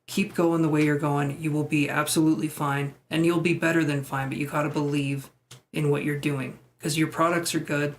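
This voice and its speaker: A man's voice: a little high, slight background noise. A man giving tarot readings on a live stream, chatty and self-deprecating as he talks to viewers. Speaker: tarot reader.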